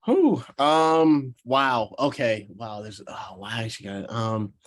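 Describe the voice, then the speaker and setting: Animated young man telling a story. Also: mid-range voice, slow pace. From Georgia, USA. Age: 20s. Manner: animated storyteller who laughs and restarts sentences. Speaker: professional baseball player guest. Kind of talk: casual storytelling interview.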